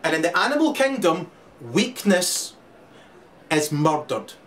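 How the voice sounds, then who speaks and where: A man delivering a profane ranting monologue, often laughing and shouting. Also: a little high, sing-song, measured pace. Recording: distant mic with crowd chatter and noise.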